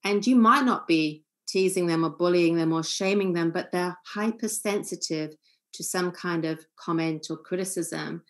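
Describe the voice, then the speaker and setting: A woman giving a calm, earnest seminar lecture as a family therapist, acting out short example lines. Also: on the low side, moderate pace.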